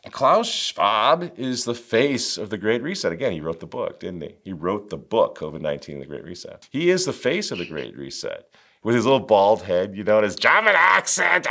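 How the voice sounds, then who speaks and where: Animated, mocking middle-aged male host. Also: fairly low pitch. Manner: sarcastic, mocking asides. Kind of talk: animated political commentary.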